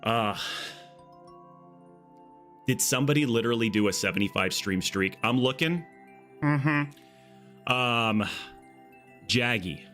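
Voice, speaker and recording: A man's voice: medium pitch, takes it slowly, long pauses, a bit bright, faint music behind. A man from Arizona chatting casually on a live game stream, rambling and tagging his sentences with "okay?".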